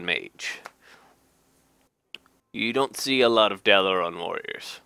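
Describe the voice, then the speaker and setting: A man with a slightly low voice reads game card text slowly and casually. He cracks jokes, laughs at them, and drops dry little asides. The sound is close and dry, with no room echo. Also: vocal fry, bright, forceful tone, clean tone. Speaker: gaming YouTuber reading card flavor text. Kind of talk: casual comedic reading.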